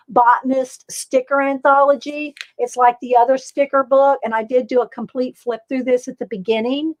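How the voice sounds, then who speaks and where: A woman chats her way through an art supply haul on a home live stream, rambling, full of fillers and small laughs. Her voice sits a bit high, and the sound is close and dry, with no room around it. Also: a little mellow, no room sound, poor audio. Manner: chatty, rambling, reads viewer comments aloud; frequent fillers and little laughs. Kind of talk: casual live-stream chat.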